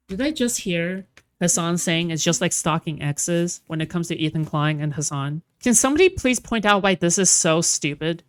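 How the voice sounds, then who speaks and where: A woman's voice: on the low side, lively intonation, normal speed. A woman streaming, talking casually in a sarcastic, mocking way with rambling asides. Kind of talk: casual reaction stream chat.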